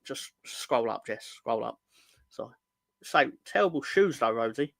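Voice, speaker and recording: Animated and a little slow, this young man's medium-pitched voice is creaky with a fairly bright tone, recorded dry. Hosting a football fan livestream, he reads viewer comments while chatting casually, joking, rambling, and teasing them.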